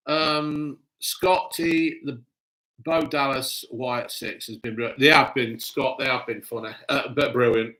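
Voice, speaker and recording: Male streamer, foul-mouthed ranter, bright, forceful voice. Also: medium pitch. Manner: sweary, ranting, blunt. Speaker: livestream host. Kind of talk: casual live-stream chat.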